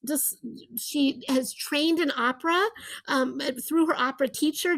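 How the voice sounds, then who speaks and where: High-pitched eager woman, book co-author, casual event intro, dry close sound. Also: no echo, poor audio. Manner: enthusiastic, restarts often. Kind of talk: casual online event talk.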